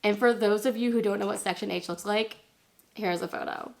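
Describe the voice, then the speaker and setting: A young woman vlogger tells a long story straight to her viewers, chatty and full of fillers, with little self-deprecating laughs along the way. Her voice sits at a middling pitch with a gravelly fry running through it. When she quotes people, she jumps up into a high, excited squeal. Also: a little fast. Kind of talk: casual storytelling vlog.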